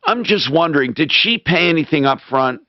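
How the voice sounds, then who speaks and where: A man hosting a call-in radio show, animated and quick to interrupt with questions. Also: a little high, no echo. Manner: animated, interrupting, exclaims in disbelief. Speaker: radio talk show host. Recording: dull lo-fi radio stream.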